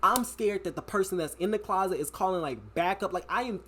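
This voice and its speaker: Young guy telling a wild storytime, super animated, lots of slang, voice all over the place. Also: high-pitched, a little fast, slightly rough. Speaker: vlogger. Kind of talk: casual storytime.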